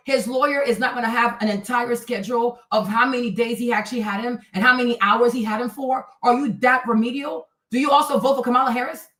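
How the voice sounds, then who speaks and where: Woman streamer, blunt and scolding, higher voice, roomy sound, a bit off-mic. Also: a bit bright, far from the mic. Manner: blunt, scolding, repeats herself. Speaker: livestream commentator. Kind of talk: livestream commentary reading chat.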